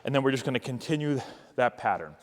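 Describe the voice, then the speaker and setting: A man coaching youth agility drills, giving energetic, encouraging cues while demonstrating. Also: medium pitch, fast talker, in a large hall. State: out of breath. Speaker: baseball coach.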